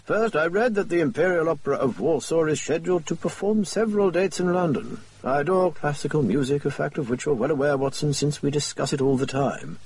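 A man voicing a confident, brisk Victorian male detective who lectures on his deductions. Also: a little high, darkish tone, voice pushed up. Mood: lecturing. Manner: crisp, lecturing, quick to explain his deductions.

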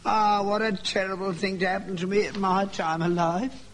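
A man's voice: high-pitched, flat delivery, moderate pace, a bit bright, slight background noise. An actor playing a selfish, grumbling old father in a sitcom. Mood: self-pitying. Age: older. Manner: grumbling, self-pitying, gleeful at others' misfortune. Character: crotchety selfish old working-class father. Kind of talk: sitcom acting.

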